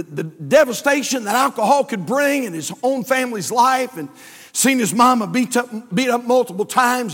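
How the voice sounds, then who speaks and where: Male pastor, very high voice, folksy storyteller, sermon in a long-echo church hall. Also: fairly bright tone. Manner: storytelling, folksy, with rising emphatic repetitions. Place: church sanctuary.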